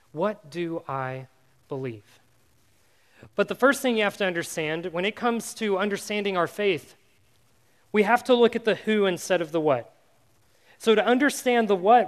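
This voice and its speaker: A man giving a youth sermon, telling a personal story in an animated, self-mocking way with many fillers before turning to faith. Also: sits high. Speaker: youth pastor.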